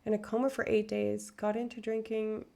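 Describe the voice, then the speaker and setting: Woman in her 30s, livestream host, chatty and rambling, with a gravelly fry in her voice. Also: mid-range voice, flat delivery, moderate pace, dark tone. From far north Alberta, Canada. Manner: rambling, tangent-prone, self-deprecating. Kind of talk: casual chat reading viewer comments.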